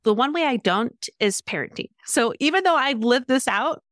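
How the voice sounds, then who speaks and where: A middle-aged woman coach speaking calmly and reflectively, with many affirming murmurs. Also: high voice, moderate pace, no echo, studio quality. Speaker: parenting coach. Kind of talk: coaching conversation.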